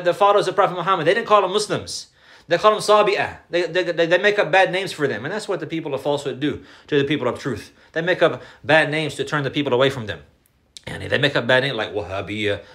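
A man telling a religious story as a lesson, reciting Arabic lines and then explaining them in casual English, acting out the shouts of the people in the story. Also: sits high. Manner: animated retelling, quoting Arabic then translating, acts out shouts. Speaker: religious teacher. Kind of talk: sermon storytelling.

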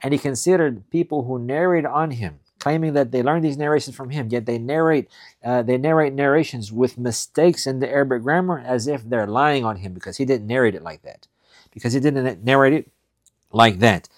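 A man teaching a religious lesson. He reads Arabic passages quickly, then explains them in English, repeating his key points with emphasis. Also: medium pitch, no room sound, studio quality. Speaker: Islamic studies teacher. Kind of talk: recorded lesson explaining classical texts.

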